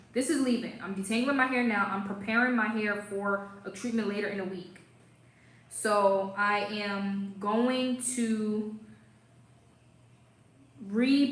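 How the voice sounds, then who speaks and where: A woman's voice: mid-range voice, reverberant, low-quality recording. A young woman hosting a casual hair care livestream, playful and chatty, reading viewer comments as she goes.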